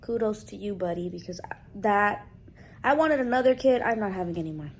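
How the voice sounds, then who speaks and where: At a brisk pace, a young woman tells a personal story in a casual home vlog, her voice in the mid range. She animatedly plays out what others said, giving their quotes playful voices. Slight background noise sits under the recording.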